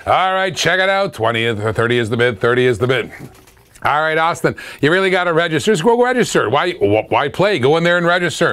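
A man's voice: a little high, fairly bright tone. A middle-aged man from Canada hosting a live auction stream, calling bids, laughing and chatting with viewers.

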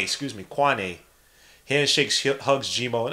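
A young man hosting a podcast, giving casual live play-by-play and reading the chat aloud in an animated, slangy way. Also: medium pitch, measured pace. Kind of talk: casual live-stream commentary.

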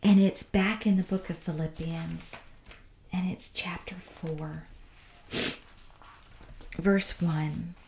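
Woman Bible teacher, slow and mellow, soft whispery devotional delivery, echoey room. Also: fairly low pitch, steady tone, vocal fry, a little hiss or hum.

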